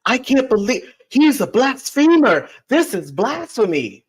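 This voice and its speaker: A man's voice: very high voice, big pitch swings, unhurried, husky, voice pushed up, full character voice. A man voicing a scandalized, gossiping churchgoer in exaggerated disbelief.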